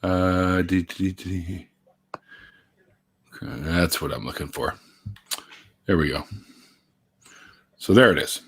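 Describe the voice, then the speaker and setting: A man's voice: low-pitched, slow pace, pauses often, a little hiss or hum. A man hosting a casual live stream, chatting and talking a guest through screen sharing. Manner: chatty, guiding guests through tech steps. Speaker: host.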